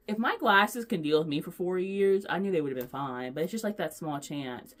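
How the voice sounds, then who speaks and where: Young woman vlogger, low voice, rambling, chatty, affectionate. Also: expressive, brisk, few pauses, soft background music. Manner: rambling, chatty, lots of fillers and restarts; gushing, affectionate. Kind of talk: casual chat.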